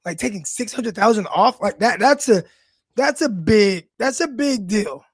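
Hoarse, high-voiced man talking football. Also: lively intonation, unhurried, no echo. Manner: blunt, laughing, repeats words. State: losing his voice, hoarse. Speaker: co-host, former player. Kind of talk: casual sports talk.

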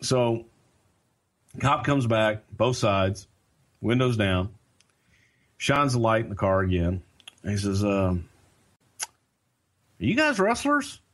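A man telling a story in casual chat, animated and self-mocking, acting out other people's lines. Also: lowish voice, slow pace, pauses often. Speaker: storyteller guest.

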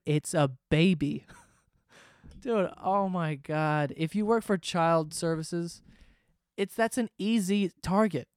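A man's voice: high voice, animated, normal speed, no echo, clean studio sound. A man ranting sarcastically and swearing freely in a casual comedic monologue, host of his own podcast.

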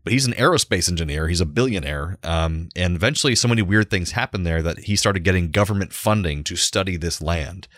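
A young man with a low voice co-hosts a casual podcast, telling stories with animation and frequent laughs. He sounds close to the mic in a dry room. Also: a little fast, few pauses, dry recording. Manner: animated storyteller, laughs often. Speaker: podcast co-host.

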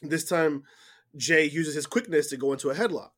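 A man co-hosting a casual wrestling recap chat, animated and given to loud whoops. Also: on the high side, normal speed. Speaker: podcast co-host.

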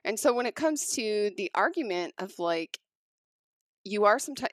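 A woman talking casually as a podcast co-host, excitable and animated as she tells stories. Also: medium pitch, normal speed, dry recording. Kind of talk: casual chat.

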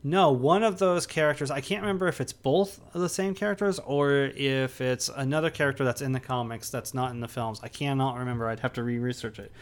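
Smooth-voiced man rambling through a movie review. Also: mid-range voice, brisk, few pauses. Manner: rambling, many restarts and fillers. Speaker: podcast co-host. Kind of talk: casual movie review chat.

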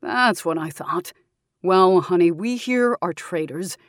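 A woman voicing a menacing middle-aged male mercenary sergeant who talks gruffly and mockingly. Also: animated, takes it slowly, no room sound, clean studio sound. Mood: taunting. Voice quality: deep-voiced, mocking.

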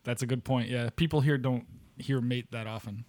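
A relaxed man co-hosting a casual podcast, quick to laugh and full of questions. His voice sits at an ordinary middle pitch. It is recorded up close in a dry room with no echo. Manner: laughs often, easygoing, asks questions. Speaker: podcast co-host. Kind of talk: casual chat.

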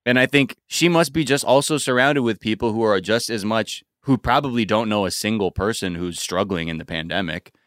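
A male podcast host in casual chat, riffing in an animated, profane and sarcastic way. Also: on the low side, fairly quick, hardly any pauses, no room sound, clean studio sound.

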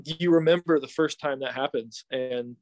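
A young man, a baseball pitcher, chatting casually and acting out other people's voices as he tells stories. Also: normal speed. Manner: animated storyteller, acts out fans' voices. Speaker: professional baseball pitcher guest. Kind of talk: casual podcast chat.

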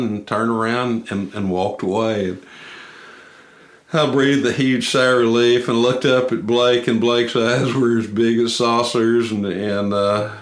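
A man's voice: medium pitch, roomy sound. A man telling a hunting story in a folksy, drawling way, often restarting his words. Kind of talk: casual spoken storytelling.

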